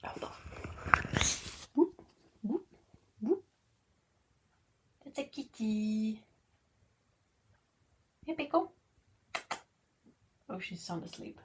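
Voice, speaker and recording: A woman hosting a relaxed livestream from home, talking at an unhurried, drawn-out pace. She chats with frequent laughs and exclamations, and coos gently at her cats. A faint hum of noise sits under her voice. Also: a little high. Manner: chatty and exclamatory, laughs often. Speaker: livestream host. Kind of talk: casual livestream chat.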